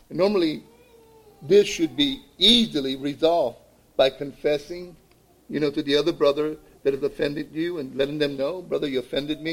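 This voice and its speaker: Male pastor, slightly high voice, preaching a sermon, repeats himself for emphasis. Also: poor audio. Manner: repeats "okay?" to check in with listeners; repeats words while building a point.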